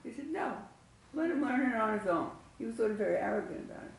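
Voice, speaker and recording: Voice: mid-range voice, expressive, quick pace, creaky. A congregant sharing a personal story during a class, speaking in an earnest, reflective way. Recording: distant mic in a very echoey room with faint ambience.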